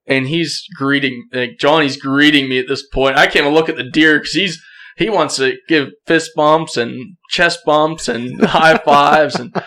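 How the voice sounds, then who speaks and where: A young man on a podcast telling a story casually, acting out quotes with bursts of excitement and frequent laughs. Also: on the high side. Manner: animated, acts out quotes, laughs often. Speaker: podcast guest.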